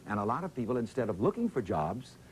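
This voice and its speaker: Preacher guy telling his story in an interview, swoopy lively voice, drawn out, low hum behind. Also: rough recording. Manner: dramatic preacher cadence, drawn-out emphasis.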